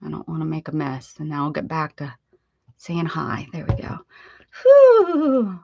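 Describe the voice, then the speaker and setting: A woman's voice: low voice, steady tone, moderate pace, creaky, breathy edge, no echo, highs cut off. Chatty woman hosting an art stream. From United States. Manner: chatty and playful, laughs often, sings short welcome jingles. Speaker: art livestream host. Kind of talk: casual chat greeting viewers.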